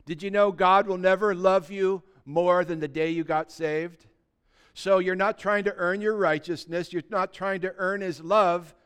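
Man, pastor, sermon, chatty preaching, emphatic peaks, acts out quotes, high pitched, smooth resonant voice. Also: fairly even intonation, measured pace. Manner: conversational preaching, rising to loud emphatic shouts.

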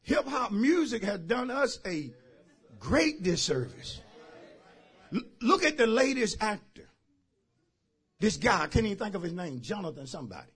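Husky high-voiced preaching pastor. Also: male voice, big pitch swings, moderate pace, long pauses. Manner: emphatic call-and-response preaching, shouting key phrases. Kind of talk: sermon. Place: church service.

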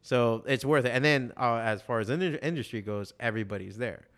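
A man with a smooth, resonant voice at medium pitch, chatting casually. He tells lively stories full of swearing and slips into other people's voices when he quotes them. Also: a little fast. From Miami, USA. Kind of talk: casual chat.

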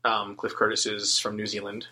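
A man's voice: lowish voice, monotone, bright, forceful tone. A man co-hosting a casual podcast chat, teasing his friends. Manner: teasing, fast-talking. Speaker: podcast co-host.

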